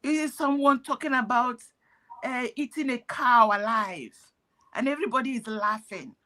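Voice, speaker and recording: A woman's voice: fairly high pitch, moderate pace, pushed and bright. A woman giving earnest, preachy commentary in parables, sounding pained. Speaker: activist speaking on a call. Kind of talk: impassioned commentary.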